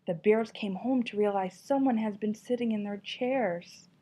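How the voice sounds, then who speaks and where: This woman teacher has a mellow, medium-pitched voice and a moderate pace as she reads a children's story expressively. Then she asks the class encouraging questions, all on a dull lo-fi recording.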